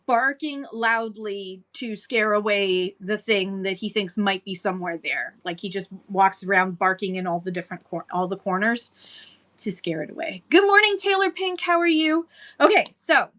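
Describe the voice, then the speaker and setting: Bright chatty woman hosting a livestream. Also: mid-range voice, normal speed. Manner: chatty, laughs often, greets viewers by name. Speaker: livestream seller host. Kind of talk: casual livestream chat.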